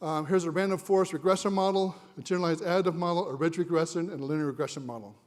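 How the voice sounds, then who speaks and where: A man's voice: on the high side, rapid-fire. A man presenting at a conference to a live audience, conversational and jokey, quizzing the room, and a little winded.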